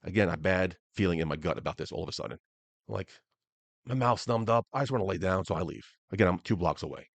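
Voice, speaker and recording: A man's voice: low-pitched, animated, fast talker, creaky, no room sound. A man hosting a solo podcast, telling a story in an angry, profane way. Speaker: podcast host.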